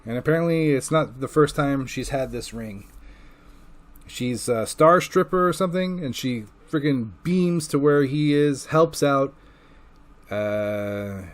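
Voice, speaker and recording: A comic book reviewer with a medium-pitched voice gives an unhurried, loose recap of comics he has read. His talk is casual and profane, stuffed with filler words, swearing, and acted-out quotes.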